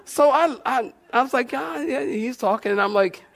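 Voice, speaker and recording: A male pastor, preaching a sermon and telling a personal story in an animated way, often laughing as he talks. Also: very high voice, normal speed, vocal fry, slight background noise.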